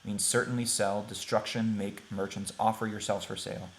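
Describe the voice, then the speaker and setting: A man teaching a beginners' Hebrew lesson over a shared screen, talking plainly and repeating words slowly for pronunciation. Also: lowish voice, flat delivery, a little hiss or hum. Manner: plain, conversational, thinks aloud with fillers.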